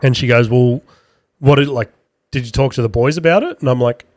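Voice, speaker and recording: A man's voice: medium pitch, fairly quick, no echo. Crude storytelling man, dry close sound. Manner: crude, self-deprecating, animated. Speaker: podcast host. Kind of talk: casual storytelling.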